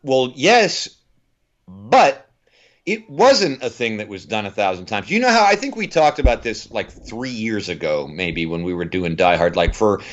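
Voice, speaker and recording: A man's voice: on the low side, sing-song, unhurried, highs cut off. A man co-hosting a film podcast, chatting casually and rambling with frequent restarts. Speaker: podcast co-host.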